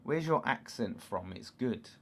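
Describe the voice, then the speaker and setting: A man in his thirties with an East London accent, hosting a football watchalong in casual chat, reading out comments and erupting into loud shouts at chances. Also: mid-range voice, lively intonation, a little slow, gravelly. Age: 30s. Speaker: livestream host.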